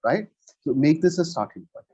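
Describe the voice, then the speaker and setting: A man's voice: a little high, lively intonation, moderate pace, warm tone, breathy edge, no echo. A man teaching English pronunciation in a one-on-one lesson, patient and checking in often with "right?". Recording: dull lo-fi sound.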